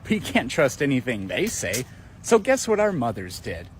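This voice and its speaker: A man performs a smug flat-earther who reels off proud, sarcastic declarations in a comedic sketch. His delivery is deadpan, yet his pitch swings widely. A faint noise hums underneath. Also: moderate pace. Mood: deadpan mocking.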